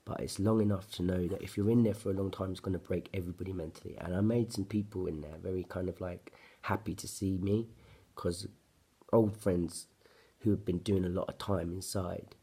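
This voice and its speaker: Man, husky, lowish voice, blunt profane ranting vlog story. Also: steady tone, brisk, dark tone. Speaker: vlogger. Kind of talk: personal story told to camera.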